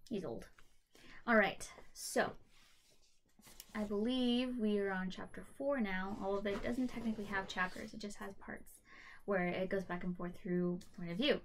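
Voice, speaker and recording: Casual host, woman, mid-pitched, chatty and self-deprecating, recorded on a computer mic in her bedroom. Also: a little hiss or hum. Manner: rambling, apologetic, self-deprecating. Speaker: channel host reading a novel aloud. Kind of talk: casual chat and book reading. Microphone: computer camera mic.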